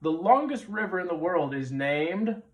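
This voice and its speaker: A man's voice: high-pitched, lively intonation, moderate pace. A man in his thirties hosting a trivia quiz, repeating questions with playful jokey asides. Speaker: trivia show host.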